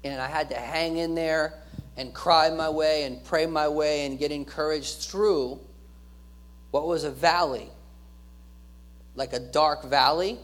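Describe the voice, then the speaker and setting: A man's voice: a little high, fairly even intonation, unhurried, long pauses. A male pastor giving an earnest sermon, repeating key phrases and restarting his words as he preaches.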